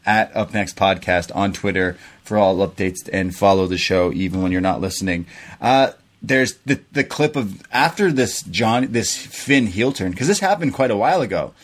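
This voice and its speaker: A Canadian podcast co-host with a fairly low voice and lively intonation talks at normal speed. He casually and chattily recaps a wrestling show play by play.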